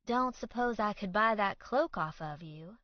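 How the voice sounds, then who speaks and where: A woman's voice: mid-range voice, expressive, measured pace, dry recording, muffled recording, natural voice. A woman narrator voicing a young woman who is polite but irritated and sarcastic. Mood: exasperated. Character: exasperated young woman in soaked dress.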